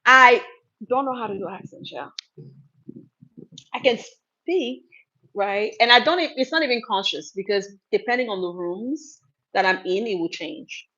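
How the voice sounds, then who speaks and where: In her livestream Q&A, a woman from Cameroon speaks in a medium-pitched, bright, forceful voice, unhurried and pausing often. She laughs readily while picking up and answering viewer comments, and the sound is slightly dull and lo-fi, like a basic livestream mic.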